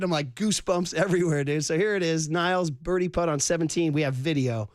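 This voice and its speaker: A man hosting sports radio, telling stories in an animated, slangy way, calling people dude. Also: a little high, brisk, few pauses, dry recording, clean studio sound. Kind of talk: excited sports radio storytelling. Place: radio studio.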